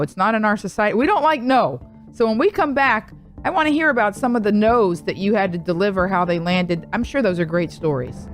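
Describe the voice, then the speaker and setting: A woman hosting a talk show, chatting in an upbeat way as she interviews her surgeon guest. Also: mid-range voice.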